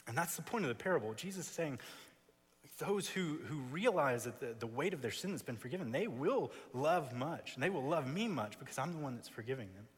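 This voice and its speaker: Male preacher, husky mid-range voice, emphatic expository sermon, long chapel reverb. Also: medium pitch, lively intonation, a little fast. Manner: emphatic, builds with repeated phrases. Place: seminary chapel.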